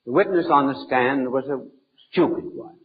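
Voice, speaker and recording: A man's voice: medium pitch, slightly rough. Man telling jokes, thin archival sound. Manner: deliberate, playful storytelling. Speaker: archbishop. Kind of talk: humorous anecdotal talk. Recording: narrow phone-like old archival recording.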